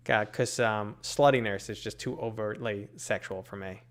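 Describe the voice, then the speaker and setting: Reading viewers' chat messages out loud, this New Yorker responds in a loose, rambling way, his speech thick with fillers, tangents and a New York accent. He talks at a moderate pace in a lowish voice with a steady tone.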